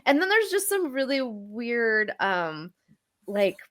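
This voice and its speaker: A woman's voice: fairly high pitch, very animated, takes it slowly, a bit bright. A woman in her thirties co-hosting a casual film chat, talking in a chatty way with lots of fillers and restarts. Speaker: podcast co-host. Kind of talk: casual chat about films.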